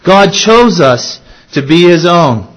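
A man with a high voice delivers an earnest sermon to his congregation. He poses questions to his listeners and repeats key phrases to drive his points home. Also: sing-song, slow, poor audio. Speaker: pastor.

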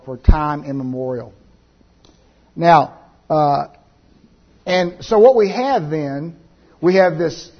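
Male preacher, slightly high husky voice, slow scripture reading then halting explanation full of fillers, dull lo-fi recording. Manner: reads scripture aloud slowly, then explains with many "uh" fillers. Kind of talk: Bible teaching sermon.

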